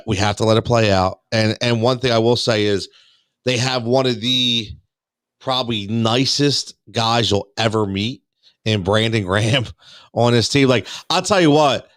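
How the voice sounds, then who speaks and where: A man's voice: lowish voice, dry recording, clean studio sound. A man co-hosting a sports talk show, often stammering and repeating words as he gets going.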